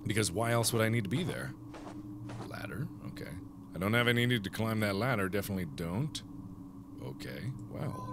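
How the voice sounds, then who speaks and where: A man giving animated, joking let's play commentary, thinking aloud as he plays. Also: fairly low pitch, a little fast, music in the background. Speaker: gaming video host.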